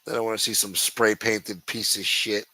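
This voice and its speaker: A man's voice: on the low side, flat delivery, normal speed, sharp tone, slightly rough, no echo, poor audio. A man hosting a livestream, ranting with constant profanity in a sneering, contemptuous way. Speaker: livestream host.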